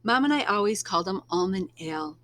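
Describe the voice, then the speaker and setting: A woman reading a first-person novel aloud in a soft, unhurried storytelling manner, now and then dropping to a hush. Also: medium pitch, animated, slight background noise. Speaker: reader.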